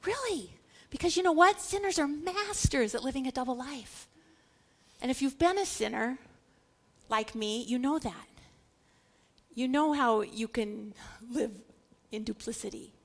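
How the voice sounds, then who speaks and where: A woman giving an animated scripture teaching, stressing points through repetition and dramatizing the quoted lines. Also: high-pitched, measured pace. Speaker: Bible teacher.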